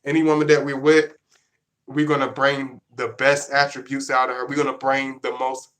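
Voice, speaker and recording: A man's voice: mid-range voice, flat delivery, moderate pace, a bit bright. A man, talking casually to his viewers in a rambling, repetitive way that keeps restarting sentences. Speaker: vlogger. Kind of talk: casual monologue to camera.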